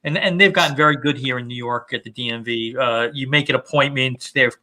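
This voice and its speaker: A man's voice: medium pitch, brisk, pushed and bright. A man from the United States in a casual video call chat, telling stories in a chatty way. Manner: chatty storyteller. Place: home in New York.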